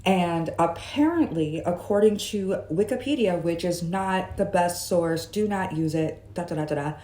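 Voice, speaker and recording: Slow-talking woman vlogger, roomy echo. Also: lowish voice, mellow. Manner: chatty, musing, jokey asides. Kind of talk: casual vlog monologue.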